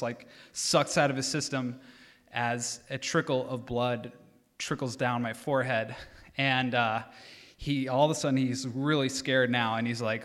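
Man, live storyteller, comic and animated, average pitch, long echoing hall reverb. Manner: animated, comic, grows louder as the story builds.

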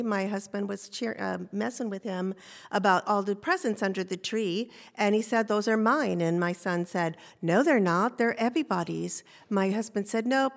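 An older woman from Maine tells a personal story to a live audience. Her delivery is animated and conversational, and she slips into the voices of the people she quotes. Her pitch sits in an ordinary middle range. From Maine, USA. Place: stage before an audience.

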